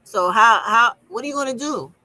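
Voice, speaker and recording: A woman's voice: a little high, lively intonation, normal speed, bright, forceful tone. A woman commenting on a clip, emphatic and repetitive as she drives her points home. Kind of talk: reaction commentary.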